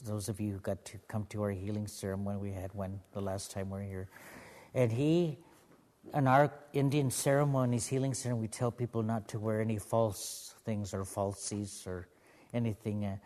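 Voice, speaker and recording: A man from the Pacific Northwest telling stories and spiritual teachings to a gathering in a gentle, humorous way. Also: on the low side, in a large hall. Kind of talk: live storytelling to a gathering.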